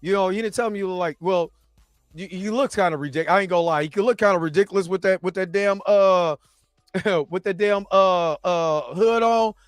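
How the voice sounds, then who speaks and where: High-voiced man rambling through a show recap. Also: normal speed, smooth, no echo, clean studio sound, faint music behind. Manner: rambling, loose slangy recap with frequent restarts and asides. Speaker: reaction show host. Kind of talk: casual episode recap and reaction.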